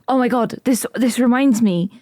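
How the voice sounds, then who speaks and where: A woman co-hosting a casual podcast chat, excitable and giggly. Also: on the high side, measured pace, no echo. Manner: excitable, giggly, reads aloud with relish. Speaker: podcast co-host.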